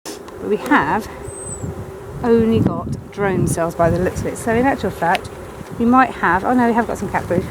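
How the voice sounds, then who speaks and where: A woman beekeeper works on a hive outdoors on a windy day, offering casual hands-on commentary. She speaks bluntly and coaxes her bees in a mid-range voice at a moderate pace. Loud wind and bee buzzing fill the background.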